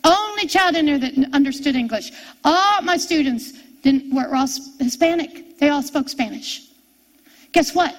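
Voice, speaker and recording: Woman, middle-aged, preacher, high-pitched, animated storytelling sermon, repeats phrases. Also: moderate pace, rough recording.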